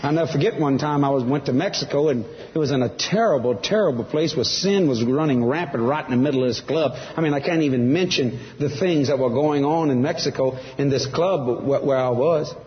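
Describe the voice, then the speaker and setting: Animated preacher in a reverberant hall. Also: male voice, mid-range voice, fairly quick, hardly any pauses, highs cut off. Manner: animated storytelling, acts out voices. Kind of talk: testimony sermon.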